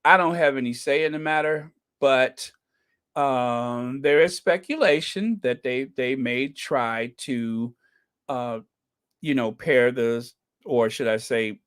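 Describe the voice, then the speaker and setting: A man's voice: mid-range voice, slow pace, a bit bright, clear, resonant tone, no echo, clean studio sound. A man hosting a podcast, chatting casually and reading out viewer comments, with frequent ums and uhs and repeated phrases for emphasis. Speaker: podcast host.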